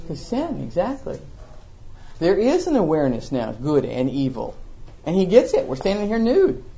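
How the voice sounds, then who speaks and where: A middle-aged woman teaching a Bible study to a small group, animated and acting out the voices of the scripture. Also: lowish voice, moderate pace, vocal fry. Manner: animated, acts out the scripture voices, laughs along.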